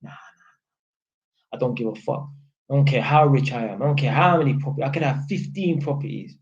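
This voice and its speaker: A man's voice: medium pitch, quick pace, lo-fi sound. A man with a London accent talking on a livestream, blunt and emphatic, swearing often and ending lines with tag questions. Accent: London, Multicultural London English. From North London, England. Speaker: livestream host. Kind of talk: casual livestream monologue.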